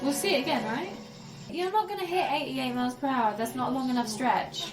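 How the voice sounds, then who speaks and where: Bright-voiced woman, teasing and swearing. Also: high-pitched, fairly quick, roomy sound, over music. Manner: teasing, swears freely, laughs often. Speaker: podcast co-host. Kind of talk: casual chat while watching a film.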